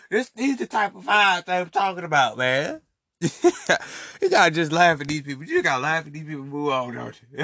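A man's voice: high voice, sharp tone, dry recording, clean studio sound. A man ranting casually to his viewers, mocking people and laughing often, repeating himself. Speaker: vlogger. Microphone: desk mic.

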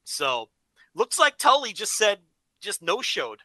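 A man with a very bright, forceful voice talks casually on a podcast, a little high for a man. He swears freely and tells stories with animation. The sound is dry and close. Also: slow, no room sound, rough recording. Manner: profane, animated storytelling. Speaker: podcast co-host. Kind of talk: casual wrestling podcast chat.

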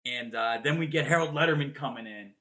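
A man on a podcast retelling a boxing match blow by blow, animated and swearing freely. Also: mid-range voice, brisk. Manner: animated, swears freely, acts out announcers' shouted calls. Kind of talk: casual storytelling chat.

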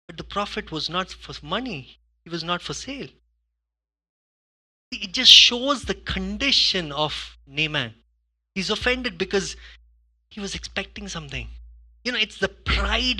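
A man preaching a sermon as pastor, in a conversational way, with frequent "okay?" and "you know", swinging between hushed asides and loud bursts of emphasis. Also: high-pitched, animated, moderate pace.

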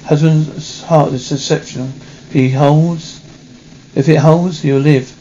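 A man reading a film script aloud in a halting way, correcting himself as he goes. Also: fairly high pitch, fairly even intonation, mellow, lo-fi sound, a little hiss or hum. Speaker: reader.

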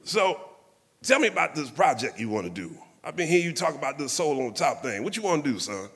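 A man's voice: fairly high pitch, very animated, fairly quick, fairly bright tone, slightly rough, voice pushed up, exaggerated voice. A man voicing a famous older male soul singer, folksy and commanding, who drawls and calls everyone son.

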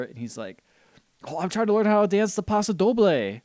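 A man's voice: medium pitch, a little fast, a little mellow, no room sound. Rambling man recapping a movie. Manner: rambling, acts out lines in goofy voices. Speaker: podcast co-host. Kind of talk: casual movie recap chat.

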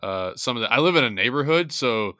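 A man's voice: medium pitch, lively intonation, fairly quick, bright, forceful tone, no room sound, studio quality. A man hosting a podcast, easygoing and affirming, asking questions hesitantly with many fillers. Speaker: podcast host. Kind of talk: casual interview chat.

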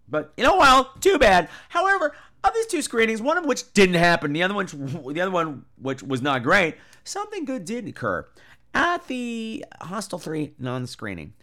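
A man's voice: on the high side, fairly bright tone. A man hosting a podcast, chatting casually about movies and theater in a campy, sarcastic and profane manner. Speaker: podcast host.

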